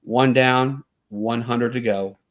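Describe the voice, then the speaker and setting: A man hosting a casual sports podcast, talking in a heartfelt, halting way with many fillers. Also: medium pitch, steady tone. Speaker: podcast host.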